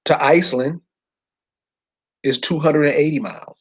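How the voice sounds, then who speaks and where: A man's voice: fairly high pitch, normal speed, breathy edge. A man giving an informal lecture from a map, speaking in loose slangy speech and firing rhetorical questions straight at his listeners.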